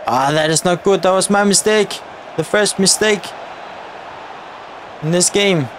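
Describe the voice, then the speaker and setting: Excitable man shouting over a football game. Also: high-pitched, a little slow, a little hiss or hum. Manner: exclaims "oi" at chances, shouts at players. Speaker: gaming YouTuber. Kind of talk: excited live game commentary.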